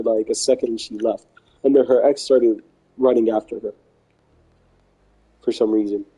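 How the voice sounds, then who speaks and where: This man's medium-pitched voice is very dark and mellow with some huskiness, captured on poor audio. Chatting casually as if on a live stream, he tells a loose, slangy, repetitive story, quoting others and acting out each side with recurring "I was like" and "she's like."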